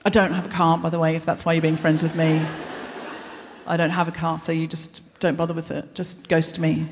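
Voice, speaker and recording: A woman's voice: sits low, flat delivery, fairly quick, background noise. A woman hosting a live comedy show, giving a self-deprecating stand-up monologue full of rambling asides, in a large concert hall before an audience. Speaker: host.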